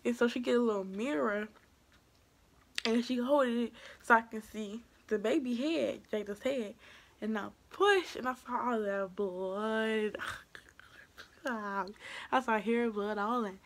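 Young woman, casual storytime, animated, quoted asides, slightly high voice. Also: slow. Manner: drops to hushed whispers at times. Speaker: vlogger.

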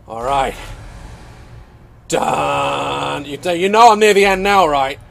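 A man hosting a let's-play, loud and excitable, swearing and taunting enemies as he plays. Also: a little high, slow pace, vocal fry, slight background noise. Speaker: gaming video host.

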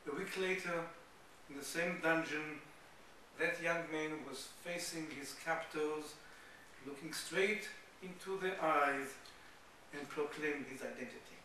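An older man giving a formal memorial lecture at a college, speaking in measured, solemn oratory with weighty pauses. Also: on the high side, bright, forceful tone. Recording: echoey hall from far off with faint hiss.

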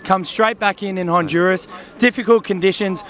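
A man's voice: high-pitched, moderate pace, a bit bright. A man with an Australian accent hosts boisterous, joking street interviews outdoors. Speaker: host. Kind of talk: street vox-pop interviews.

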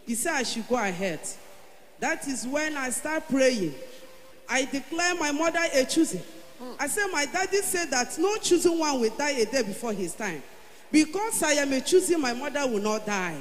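A Nigerian woman giving an emotional church testimony, growing fervent and loud as she declares her prayers. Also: high voice, expressive, normal speed. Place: large church hall. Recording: echoey church hall, faint hum.

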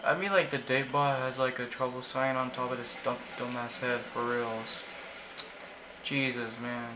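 A young man giving casual, excitable commentary while he plays a video game, often exclaiming in frustration. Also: medium pitch, moderate pace, background noise. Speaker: gaming YouTuber.

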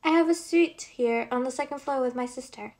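A woman reader voicing a bold, frantic young woman who pleads and shouts in an audiobook. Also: sits high, fairly quick. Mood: urgent, defiant.

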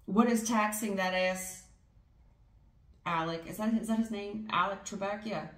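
A woman's voice: mid-range voice, a little slow, echoey room. Blunt, profane woman reading tarot. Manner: blunt, profane and animated, acting out feelings. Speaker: tarot reader.

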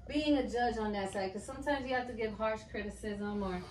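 A woman's voice: fairly high pitch, fairly quick, a little mellow, slight background noise. A woman co-hosting a radio talk show, asking questions and backing up the guest. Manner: supportive, agreeing interjections. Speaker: co-host. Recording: roomy and distant, crowd behind.

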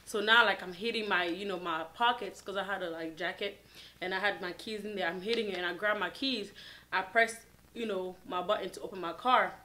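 A woman with a bright, forceful voice tells a story to her viewers in a storytime vlog. She talks casually and animatedly and keeps dropping filler words. It sounds like relaxed, everyday chat to camera. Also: mid-range voice, brisk. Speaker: vlogger.

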